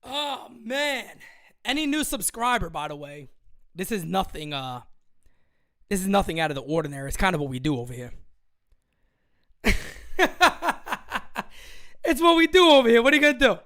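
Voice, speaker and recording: An excitable young man with a bright, forceful voice hosts a fan livestream of a live game. He talks loud and fast, swears freely and laughs often. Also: fairly high pitch. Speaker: livestream host.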